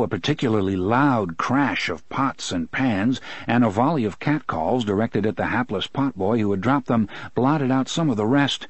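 A man's voice: mid-range voice, animated, normal speed, hardly any pauses, dry recording. A man narrating a story in scripted audiobook style, shifting his voice for characters.

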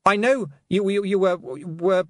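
A man's voice: sits high, measured pace, dry recording, studio quality, voice pushed up. A man voicing a nervous young nobleman's son who stammers and gets flustered.

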